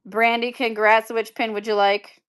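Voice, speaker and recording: A woman's voice: a little high, flat delivery, normal speed, a bit bright, clean tone. Chatty woman hosting a live pin auction. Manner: chatty, upbeat, laughs often. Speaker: live shopping seller. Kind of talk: live auction stream chat.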